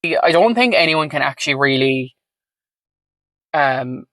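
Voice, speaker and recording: A woman's voice: low voice, lively intonation, measured pace, a bit bright, no room sound. A woman talking candidly as an interview guest, frank and chatty with lots of fillers and the odd swear word. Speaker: podcast guest.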